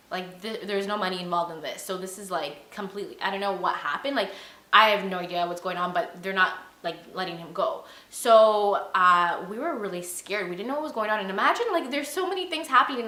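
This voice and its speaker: A young woman in a casual vlog, telling a travel story in an animated, chatty way, full of "like" and "you know". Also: medium pitch, slight background noise. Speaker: travel vlogger. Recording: echoey room.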